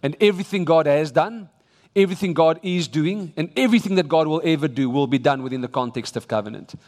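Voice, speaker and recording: A man's voice: on the high side, quick pace, a little mellow. South African man preaching in an echoing hall. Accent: South African English. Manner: emphatic, exhorting delivery with frequent restarts. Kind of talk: sermon. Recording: long reverb of a large church hall.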